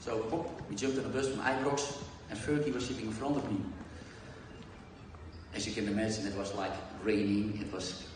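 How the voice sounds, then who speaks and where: Speaking English as a second language, a man from the Netherlands with a fairly low voice tells lively, swear-filled dressing-room anecdotes at normal speed, acting out the dialogue. He is a guest at a live Q and A in a large hall, captured from a distance amid echo and crowd noise.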